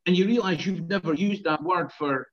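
A man's voice: high voice, moderate pace, muffled recording. A Scottish man, around his fifties, telling chatty anecdotes in casual conversation, laughing and swearing now and then. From Scotland. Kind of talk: casual chat.

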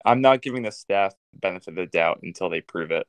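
A man's voice: low-pitched, expressive, fast, gravelly, clear, resonant tone, no room sound. A man co-hosting a casual sports podcast, giving blunt, decisive predictions. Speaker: podcast co-host.

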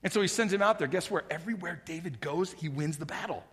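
High-voiced preacher in a reverberant hall. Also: male voice, fast talker. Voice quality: lively, acts out the characters' lines in changed voices. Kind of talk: sermon storytelling.

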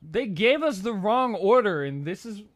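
A man's voice: high-pitched, very animated, moderate pace, no room sound. A young man co-hosting a podcast, chatting casually in a laid-back, joking way and swearing now and then. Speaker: podcast co-host. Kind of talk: casual chat.

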